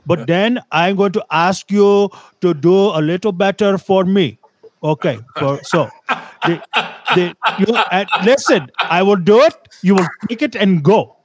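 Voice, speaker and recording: Unhurried and high-pitched, this man performs an affected Indian accent as a pushy character. He wheedles and coaxes, repeating himself in clipped sentences with broken grammar.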